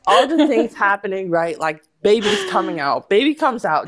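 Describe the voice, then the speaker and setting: A woman's voice: medium pitch, brisk, hardly any pauses. A woman guest telling a long story in casual podcast chat, laughing often and acting out what people said. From United States. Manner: animated, laughs often, acts out quotes.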